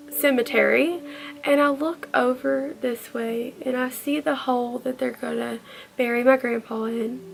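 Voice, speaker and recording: Girl telling a story, high voice with lots of fry, real heartfelt. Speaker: vlogger. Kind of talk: storytime vlog.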